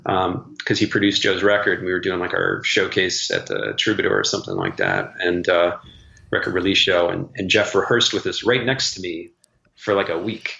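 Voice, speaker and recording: A middle-aged man recounts his music stories with eager, rambling enthusiasm. His voice sits a little low but sounds bright and forceful. The remote recording is echoey and slightly muffled. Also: animated, moderate pace, gravelly, a little hiss or hum. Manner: enthusiastic storyteller, many fillers like "like". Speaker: session guitarist, guest. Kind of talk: casual interview chat.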